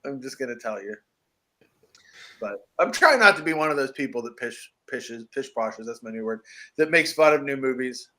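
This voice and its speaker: Bright-voiced, animated American man. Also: mid-range voice, normal speed. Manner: animated, jokey, laughs often. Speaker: podcast co-host. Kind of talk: casual chat about horror movies.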